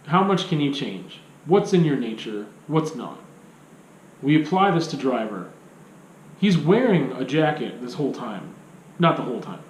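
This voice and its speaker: A man's voice: fairly high pitch, darkish tone, echoey room, a little hiss or hum, rough recording. A man giving a casual film review, rambling, with many restarts and rhetorical questions.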